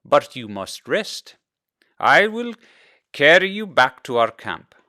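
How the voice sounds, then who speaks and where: A man voicing a kind, strong father in a storybook reading, speaking softly and calmly. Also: a little high, takes it slowly, no echo, studio quality, voice pushed up, exaggerated voice. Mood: firm. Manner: soft, calm and reassuring.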